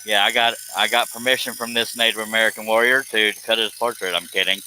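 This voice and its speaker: A man's voice: fairly low pitch, fairly even intonation, quick pace, pushed and bright, a little hiss or hum. A man hosting a woodworking live stream, joking and self-deprecating while he works on a piece. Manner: talks while working on a cut. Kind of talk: casual live-stream chat.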